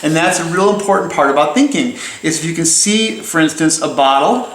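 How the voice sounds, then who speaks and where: Man, a bit high-pitched, teaching drawing in a loose, jokey way; echoey room. Good for a friendly tutorial read. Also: brisk, a bit bright. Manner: playful, chatty, jokey asides. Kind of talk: casual drawing lesson while sketching.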